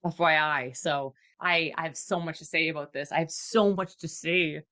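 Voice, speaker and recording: A woman co-hosting a podcast, reading her notes in an expressive, exasperated way. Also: low voice, normal speed. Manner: expressive, exasperated, animated asides. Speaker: podcast co-host.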